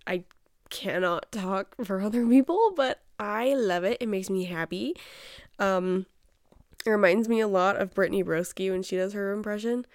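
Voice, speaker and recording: A woman's voice: mid-range voice, normal speed, dry recording, clean studio sound. A woman hosting her own show, talking casually in a chatty, exasperated way and often laughing. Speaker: podcast host. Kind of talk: casual solo chat.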